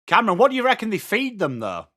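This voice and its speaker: High-voiced and fast, this young northern Englishman is the host of a fan watchalong stream. He mixes play-by-play sports commentary with chat reading, getting excitable and joking with viewers by name.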